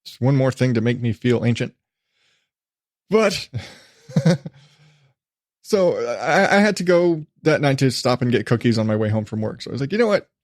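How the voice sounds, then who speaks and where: Animated dad telling a story, dry sound. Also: male voice, unhurried, long pauses, no echo. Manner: animated storytelling, jumps to high-pitched voices when quoting his kids; laughs often, swears casually. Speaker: podcast host. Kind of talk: casual solo podcast monologue.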